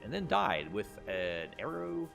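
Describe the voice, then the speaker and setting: A man's voice: on the low side, huge pitch swings, unhurried, vocal fry, a bit bright, soft background music. A man giving rambling, casual commentary while playing a video game, chuckling often. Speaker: gameplay commentator. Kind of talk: casual let's-play commentary.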